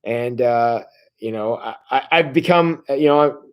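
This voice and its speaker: A man's voice: mid-range voice, unhurried, clean tone, dull audio. A man in his forties leading a casual livestream Bible study, talking in a folksy, conversational way with plenty of filler sounds. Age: 40s. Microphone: livestream setup.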